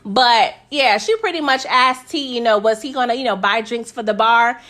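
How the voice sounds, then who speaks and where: A woman's voice: a little high, normal speed, pushed and bright. A woman casually recapping a TV episode in a chatty, slangy way, often tacking on "okay?" and laughing between points. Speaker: TV recap host.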